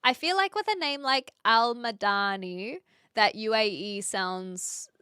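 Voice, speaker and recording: Bright, high, lively woman streamer. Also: slow pace, smooth, dry recording, studio quality. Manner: chatty, scattered, frequent fillers and restarts. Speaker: livestream host. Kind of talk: casual livestream chat with viewers.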